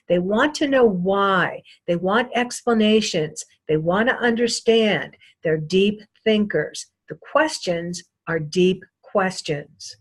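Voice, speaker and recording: A woman giving a recorded sales lesson, lecturing deliberately and repeating her key points for emphasis. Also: mid-range voice. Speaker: sales trainer.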